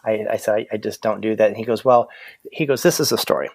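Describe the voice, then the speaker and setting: Male guest, low voice, chatty anecdotal storyteller, dry close-mic read. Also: fast talker, vocal fry, slightly rough, no room sound. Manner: animated, acts out quoted exchanges, many restarts. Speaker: medium, podcast guest. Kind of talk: casual storytelling chat.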